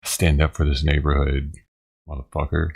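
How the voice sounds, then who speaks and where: A man's voice: rumbling low, little pitch movement, moderate pace, vocal fry, a little mellow, husky. A man vlogging casually, agitated and profane, swearing and laughing as he rants about a neighbor. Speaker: vlogger feeding stray cats. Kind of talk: casual ranting vlog.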